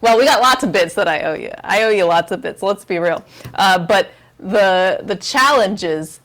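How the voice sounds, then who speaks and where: A woman's voice: medium pitch, expressive, moderate pace, a bit bright. A woman hosting a charity livestream from her home kitchen, chatting casually in a rambling, giggly, self-mocking way on a lavalier mic. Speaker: charity stream host.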